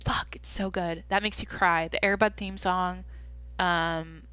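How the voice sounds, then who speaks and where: A woman's voice: fairly low pitch, fairly even intonation, a little slow, sharp tone, smooth, dry recording. A young woman hosting a solo podcast, chatting casually and rambling as she thinks aloud and swears often. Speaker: podcast host.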